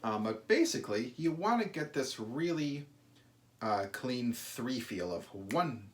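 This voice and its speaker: A man's voice: mid-range voice, lively intonation, unhurried. A man teaching a violin lesson, explaining bowing and shifting and counting out beats. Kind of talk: instrumental music lesson. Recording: loud violin playing under the talk.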